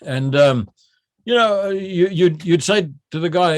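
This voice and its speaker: Older retired officer, reminiscing, restarts often, raised-pitch voice, dry close recording. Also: male voice, normal speed, gravelly, no room sound. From South Africa. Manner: repeats words when starting, acts out shouted drill calls. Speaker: retired general interviewee. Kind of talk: recounting memories.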